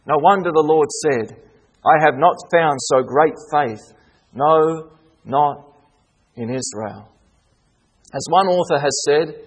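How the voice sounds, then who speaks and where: A man preaching a sermon with rising fervor and dramatic pauses. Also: mid-range voice, breathy edge. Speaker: pastor.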